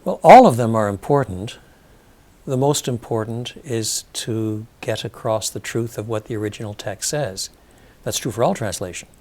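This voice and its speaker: An older man answering interview questions at length, thoughtful and measured, with frequent ums and restarts as he explains. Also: lowish voice, warm tone. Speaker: interview guest, scholar.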